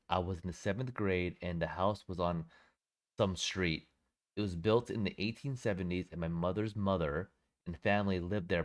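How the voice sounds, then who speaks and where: A young man co-hosting a podcast, chiming in casually and reading a story aloud. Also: low-pitched. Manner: reacts and reads aloud from a phone search. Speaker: podcast co-host. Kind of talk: casual chat.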